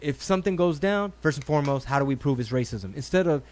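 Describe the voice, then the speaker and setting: Dude hosting a podcast, loose and animated, does little voices when he quotes people, cusses a lot. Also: fairly high pitch, fast. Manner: animated storyteller, acts out quotes, swears freely. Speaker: podcast host. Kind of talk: casual chat.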